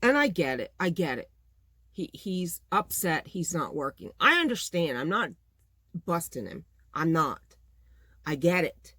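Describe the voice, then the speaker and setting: A woman's voice: low voice, big pitch swings, measured pace, bright, forceful tone, slightly rough, dry recording. Middle-aged woman, casual vlog chat, exasperated venting, dry recording. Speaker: small-business vlogger.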